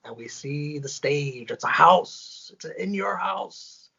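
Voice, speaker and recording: A man co-hosting a casual roundtable, leading the review with upbeat, quick recaps. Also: on the high side, lively intonation, creaky, highs cut off, background noise.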